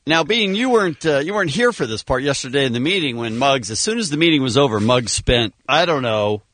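A man's voice: medium pitch, lively intonation, a little fast, fairly bright tone, no room sound. A man hosting a morning radio show, chatting and teasing his co-hosts in a wry, casual way.

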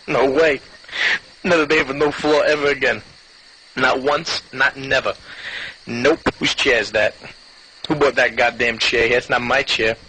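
An actor playing a petty, foul-mouthed New York man with a heavy accent, rambling through an animated comedy bit. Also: mid-range voice, unhurried, pauses often, a little hiss or hum, low-quality recording. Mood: scornful. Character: crude ranting New York guy, petty and scornful.

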